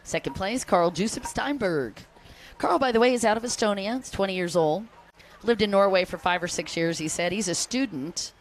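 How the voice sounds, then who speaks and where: A woman's voice: medium pitch, normal speed, slight background noise. A woman announcing a jet ski race live, chatty and upbeat, joking with the crowd. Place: outdoor race venue by the water.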